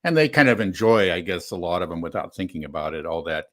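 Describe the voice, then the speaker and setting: Casting note: low-voiced male co-host, measured, relaxed and thoughtful in delivery. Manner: measured, many fillers, laughs often. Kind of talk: casual political chat.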